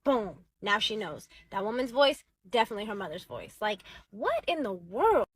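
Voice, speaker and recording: A woman's voice: mid-range voice, sing-song, moderate pace, husky. A woman casually recapping a drama-filled story, chatty and dramatic, peppering it with "like". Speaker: storytime narrator.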